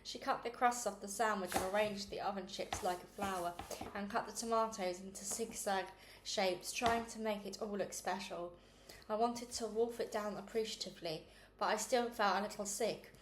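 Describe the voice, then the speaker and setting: A woman reading a children's novel aloud in a steady, earnest way. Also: mid-range voice, moderate pace. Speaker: reader. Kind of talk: storybook read-aloud. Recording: roomy echo with faint hiss.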